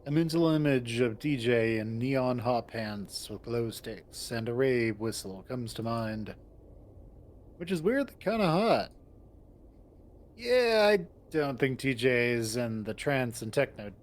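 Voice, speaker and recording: A man's voice: medium pitch, unhurried. A man narrating a visual novel in the first person and voicing its lead, in a wry storytelling manner.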